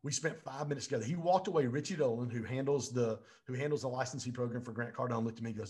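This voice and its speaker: A man's voice: mid-range voice, fast talker, few pauses, a little mellow, slight background noise. A man, a real estate business coach, telling his story as an interview guest in an intense, emphatic way and repeating phrases for weight.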